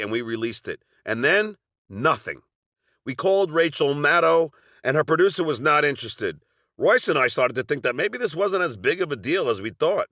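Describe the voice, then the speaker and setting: Man, Long Island accent, middle-aged, wry storyteller, bright lively voice, dry close sound. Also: a little high, dry recording. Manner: wry, sardonic asides. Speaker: narrator. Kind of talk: scripted personal story narration.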